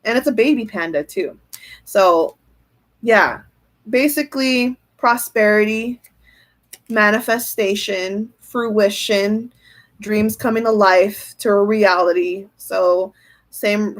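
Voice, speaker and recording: A chatty woman giving a relaxed tarot reading, talking through her thoughts as they come. She giggles often and answers comments from viewers as she goes. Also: mid-range voice, takes it slowly. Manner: chatty, giggly, thinks aloud. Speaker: tarot reader. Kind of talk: casual tarot reading livestream.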